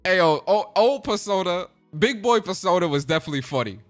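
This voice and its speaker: A man hosting a casual reaction video, talking in excitable slang and laughing a lot. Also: high-pitched, a little fast, faint music behind. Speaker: host.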